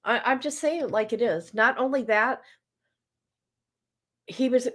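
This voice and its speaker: A woman's voice: fairly high pitch, measured pace, a bit bright. A woman hosting a livestream in casual chat, talking straight to her viewers and repeating herself as she goes. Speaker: livestream host.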